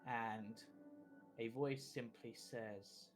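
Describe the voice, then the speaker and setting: A man narrating as game master of a tabletop game, in measured, descriptive narration with small restarts. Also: medium pitch, lively intonation, faint music behind, rough recording.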